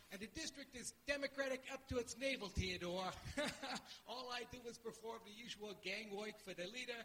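A man putting on a Brooklyn accent to play a gruff male New York ward politician who lectures bluntly, on a noisy live church mic. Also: very high-pitched, bright, forceful tone, pitched above the performer's own voice, full character voice.

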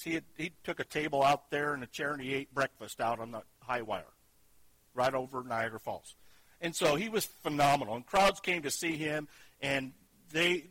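A man preaching a sermon with a bright, forceful tone and a voice pitched a little high. He is earnest, rising to loud emphasis and then dropping to a hushed, intimate level. The sound is close and dry. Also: dry recording, rough recording. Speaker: pastor.

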